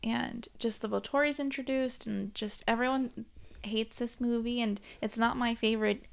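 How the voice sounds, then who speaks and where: A woman's voice: on the high side, fairly even intonation, normal speed, vocal fry, clean tone. A young woman guest on a podcast, chatting casually and gushing about a film, with fillers like "like" and "um". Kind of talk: casual chat.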